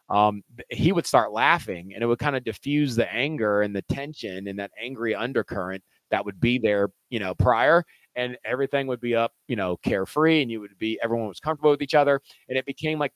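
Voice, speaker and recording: A man's voice: medium pitch, fairly bright tone, dry recording, rough recording. A male teacher telling a classroom story in a casual, conversational way, full of "you know" and restarts.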